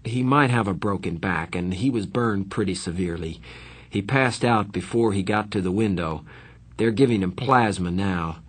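A man reading a story aloud, voicing a kindly adult man who calmly reassures an injured boy. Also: low-pitched, moderate pace, breathy edge. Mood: grave. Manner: soothing, earnest, steady.

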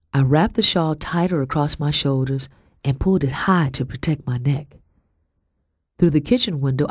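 A man giving steady, measured scripted narration of an audiobook. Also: mid-range voice, creaky, no room sound, studio quality.

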